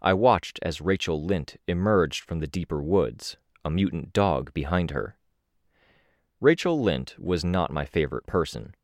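A man with a deep, low voice reads a first-person audiobook in a steady, measured way. The sound is close and completely dry, with no room around it. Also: no echo. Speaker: audiobook narrator.

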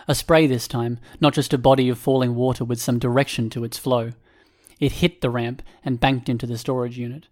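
A man narrating a story in a steady, measured reading voice. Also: mid-range voice. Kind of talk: scripted narration.

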